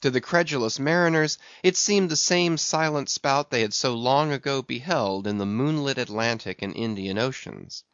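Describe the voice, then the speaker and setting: A man narrating an audiobook in a measured, even reading. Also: mid-range voice, clear, resonant tone, dry recording. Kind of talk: scripted narration. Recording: dull, dry sound.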